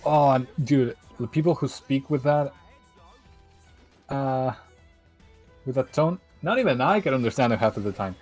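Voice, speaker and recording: A man's voice: medium pitch, animated, normal speed, pauses often, a little mellow, soft background music, low-quality recording. A man chatting casually on a game stream, rambling loosely and leaning on fillers like "you get me". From Chile.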